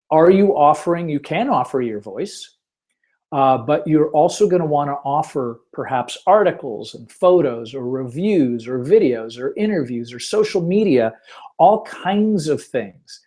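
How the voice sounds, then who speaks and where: Chatty, mellow-voiced man hosting a webinar. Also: on the high side, lively intonation, a little slow. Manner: chatty, self-deprecating, lots of fillers. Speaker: webinar host. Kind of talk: casual webinar talk with storytelling.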